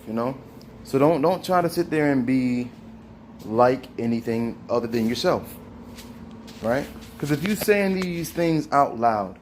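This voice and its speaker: A man's voice: mid-range voice, darkish tone, a little hiss or hum. A man hosting a casual spiritual monologue, talking in a slangy, conversational street style. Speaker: host.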